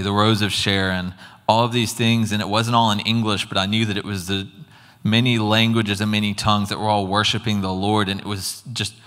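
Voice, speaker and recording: A lower-voiced man preaches a testimony and tells it as a story, speaking earnestly and acting out his own reactions. His voice rings with long reverb in a church hall. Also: a bit bright, clean tone. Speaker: guest preacher. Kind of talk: sermon testimony.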